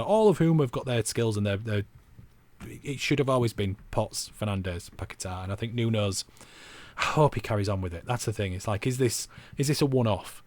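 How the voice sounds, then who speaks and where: Low-voiced man in chatty football talk. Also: no room sound. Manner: chatty, rambling, self-mocking. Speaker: podcast co-host. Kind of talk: casual football podcast chat.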